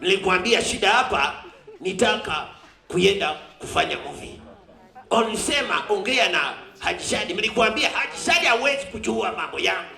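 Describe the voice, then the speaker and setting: A man's voice: sits high, animated, a little fast, vocal fry, bright, forceful tone. A Ugandan man giving an exuberant public thank-you speech at a ceremony, laughing often and mixing in Swahili. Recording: roomy echo.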